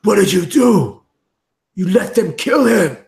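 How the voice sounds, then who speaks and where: A man voicing a grieving male gnome who turns to rage, wailing and shouting accusations. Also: high voice, big pitch swings, measured pace, gravelly, roomy sound, voice pushed up, heavily acted. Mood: enraged.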